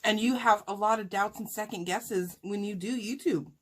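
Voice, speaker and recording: A woman's voice: medium pitch, moderate pace, fairly bright tone. A woman talking casually and heartfelt to her viewers while eating, emotional and sighing at times. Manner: talks with food in her mouth. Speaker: mukbang vlogger.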